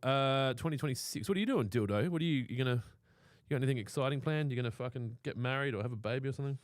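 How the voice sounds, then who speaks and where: A man's voice: mid-range voice, fast talker, no room sound, studio quality. An Australian man co-hosting a casual talk show, brash and profane, speaking bluntly and cracking crude jokes. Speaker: podcast co-host.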